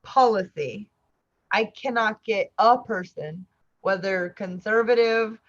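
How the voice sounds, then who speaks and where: A woman's voice: medium pitch, slow, muffled recording. A woman co-hosting a casual podcast, telling a rambling, conversational story. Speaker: podcast co-host.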